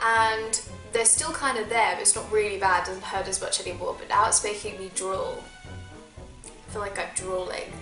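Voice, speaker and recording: A woman gaming vlogger talking casually to her viewers, chatty and quick to poke fun at herself. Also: mid-range voice, fairly bright tone, echoey room, soft background music. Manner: chatty and self-mocking. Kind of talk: casual video commentary.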